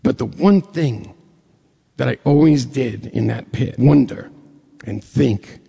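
A man from New York State telling a personal story to an audience in a lively way, acting out the dialogue as he goes. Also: medium pitch, slow pace, gravelly, breathy edge, in a large hall.

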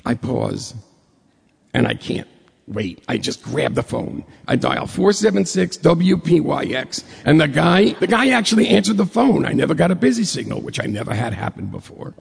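Very gravelly, husky-voiced male storyteller. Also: a little high, moderate pace, big-room sound. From New York State. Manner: lively, acts out dialogue in the telling. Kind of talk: personal storytelling to an audience.

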